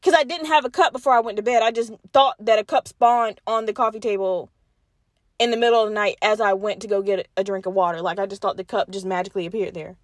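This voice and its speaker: A woman's voice: medium pitch, fast, no room sound, clean studio sound. A young woman hosting a podcast, telling a story in a casual, profane way and talking straight to her listeners. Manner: profane, animated, addresses listeners as y'all. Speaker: podcast host.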